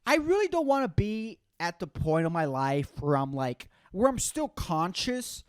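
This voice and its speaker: A man's voice: sits high, sing-song, unhurried, smooth, no room sound. A man in his twenties hosting a solo comedy podcast, rambling and swearing constantly, peppering his talk with "dude" and "man". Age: 20s. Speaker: podcast host.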